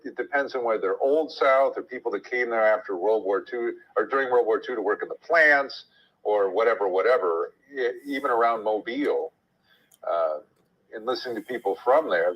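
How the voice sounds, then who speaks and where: A man's voice: fairly low pitch, moderate pace, dull audio. A man who works as an actor, talking thoughtfully and explaining at length in a casual chat. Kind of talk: casual chat in an audio room.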